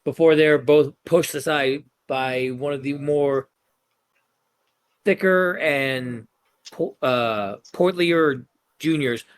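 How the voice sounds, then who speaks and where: A man running a tabletop game as game master, narrating in a halting way and correcting himself often. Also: a little high, clean tone.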